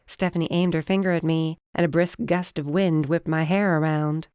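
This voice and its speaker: A woman narrating a first-person fantasy audiobook in a steady, measured way. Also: sits low, clear, resonant tone, no room sound, studio quality.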